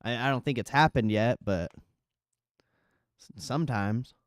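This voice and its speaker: A man hosting a live stream, chatting casually and reading out viewer comments, relaxed and profane. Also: mid-range voice, a little slow, no echo, clean studio sound. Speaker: livestream host.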